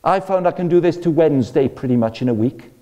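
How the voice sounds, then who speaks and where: A man giving an energetic, jokey sermon-style talk at an event. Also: a little high, fast. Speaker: speaker.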